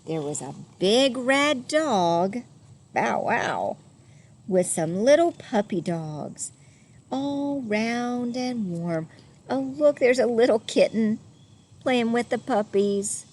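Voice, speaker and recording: A woman reading a picture book aloud to children, doing animal sounds and pausing to ask her listeners questions. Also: on the high side, animated, darkish tone. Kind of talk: read-aloud storytime.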